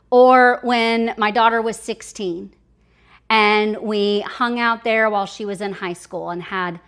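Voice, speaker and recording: A middle-aged woman giving personal travel advice in a chatty, enthusiastic vlog, sharing tips and memories. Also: medium pitch. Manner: warm, enthusiastic, conversational with pro tips. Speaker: travel vlogger.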